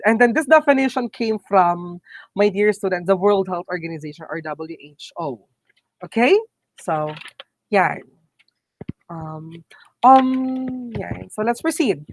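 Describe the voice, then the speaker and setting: Filipino woman teacher, brisk review lecture. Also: medium pitch, expressive, slight background noise, poor audio. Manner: brisk, repeats "okay?" and "my dear students"; mixes English with Tagalog phrases.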